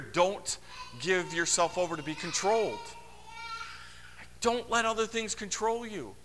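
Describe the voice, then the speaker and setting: Lively pastor, talks to the congregation like a friend, voices the characters in his stories, bright tone, big reverberant hall. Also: slight background noise. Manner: animated, conversational, acts out quotes with big pitch swings. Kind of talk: sermon.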